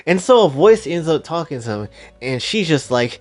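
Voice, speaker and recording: A man's voice: medium pitch, animated, quick pace, faint music behind. A man casually narrating a fan story in a slangy, rambling, playful way.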